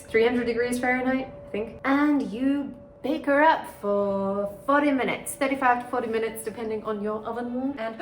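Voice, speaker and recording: A woman hosts a casual home cooking vlog in her kitchen, bubbly and gushing, talking fondly to her bread as she bakes. Her voice is fairly high and her pace moderate. The room is echoey, with faint music.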